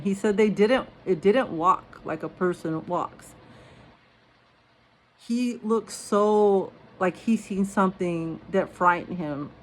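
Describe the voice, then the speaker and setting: A woman's voice: lowish voice, a little hiss or hum. A young woman who is not a native English speaker, casually telling personal stories and rambling with lots of fillers. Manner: rambling, many fillers and "you know". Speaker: storyteller.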